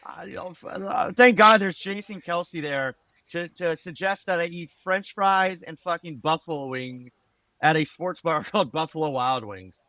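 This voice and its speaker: Male co-host, high-pitched, sarcastic and profane, dry close recording. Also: unhurried, pushed and bright, no room sound. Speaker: podcast co-host. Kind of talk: casual sports podcast banter.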